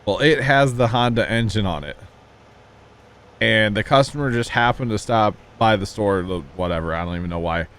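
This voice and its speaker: Streaming a farming game, this man chats with his audience at a normal speed in a lowish, fairly bright voice that comes across clear and resonant. His talk wanders through folksy anecdotes and side comments.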